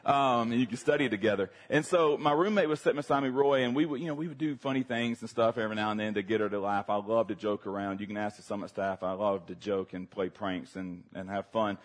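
A man with a Southern accent preaching a sermon, telling a funny personal story with lively acted-out moments. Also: fairly low pitch, quick pace, hardly any pauses. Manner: animated, humorous storyteller, acts out his younger self.

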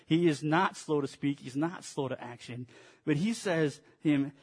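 A man's voice: fairly high pitch, normal speed, husky. A male pastor preaching a morning sermon, retelling scripture in a storytelling way with touches of dry sarcasm.

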